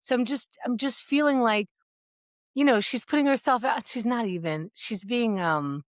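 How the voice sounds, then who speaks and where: A woman co-hosting a podcast in casual chat, animated and self-mocking, laughing often. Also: fairly high pitch, normal speed, dry recording, clean studio sound. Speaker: podcast co-host.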